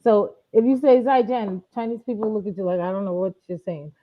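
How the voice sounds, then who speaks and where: The guest, a Chinese tutor from New York, talks at a quick pace in a casual interview chat. Lively and expressive, she mimics quoted speech in a higher pitch. The recording sounds muffled, dull, and lo-fi.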